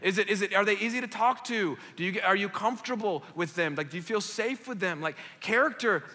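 A high-pitched, bright young man preaching in a loose, conversational way, full of quick asides and filler likes. His voice carries a long reverb from a church hall. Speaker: pastor. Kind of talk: sermon.

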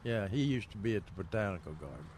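A man's voice: on the low side, expressive, fast talker, darkish tone, a little hiss or hum. An older man co-hosting a gardening radio show, telling rambling stories with lots of fillers and chuckles. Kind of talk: casual radio chat.

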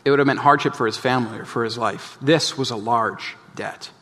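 A man preaching a sermon as pastor, earnest and emphatic, often dropping soft and low to press a point. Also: brisk. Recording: long reverb of a large hall.

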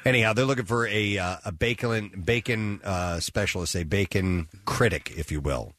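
A man's voice: on the low side, moderate pace, a bit bright, dry recording. Rambling man on a radio show, dry mic. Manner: rambling, self-interrupting, playful. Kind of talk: casual morning radio banter.

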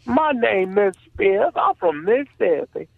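A kind, devout Southern schoolteacher woman, as a man puts her on, with a raised, softened voice that coaxes slowly and warmly. The sound is tinny and narrow, like a phone line, and very dry. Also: medium pitch, sing-song, vocal fry, dry recording, pitched above the performer's own voice, full character voice. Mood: coaxing. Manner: gentle, motherly, slow and coaxing.

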